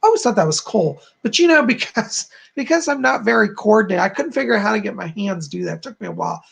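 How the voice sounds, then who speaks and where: A man's voice: high-pitched, lively intonation, quick pace, vocal fry, fairly bright tone, slightly rough. A man hosting a live-stream psychic chat, effusive and chatty, often thanking his viewers. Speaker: psychic and channel host.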